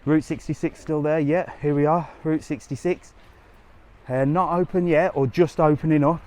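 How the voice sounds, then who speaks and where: This travel vlogger's voice is fairly high in pitch, steady in tone and a little mellow, delivered at normal speed. He walks along an outdoor seaside tourist strip during a live vlog, chatting with viewers, answering their questions and responding cheekily to comments on the go. A handheld camera records him on the move amid light street noise.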